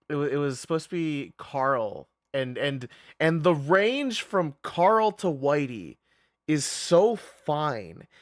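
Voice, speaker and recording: A chatty streamer talking through a game in a loose, rambling way, with lots of laughs and the odd curse. Their pitch is animated and bounces around while they speak at an unhurried pace. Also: no room sound, studio quality. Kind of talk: casual gaming stream commentary.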